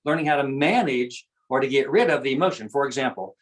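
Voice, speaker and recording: Talking fast with hardly a pause, a medium-pitched man lays out his thoughts on self-awareness as a guest. The recording is rough, and his earnest, conversational explanations keep returning to the same phrases.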